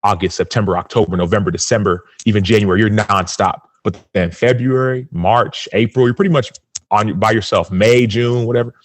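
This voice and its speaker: On a podcast, a guest in his thirties shares a personal story with earnest animation, acting out the quotes. His voice is lowish and he talks a little fast.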